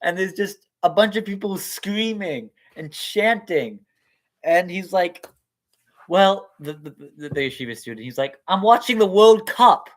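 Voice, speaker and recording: Man, storytelling talk, animated, acts out characters, slow unhurried delivery. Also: high voice. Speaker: speaker.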